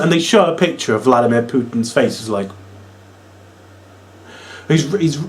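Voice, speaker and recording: A man's voice: mid-range voice, animated, normal speed, long pauses. A young man giving a casual, exasperated review full of sarcasm and fillers like "uh" and "like". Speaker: wrestling reviewer.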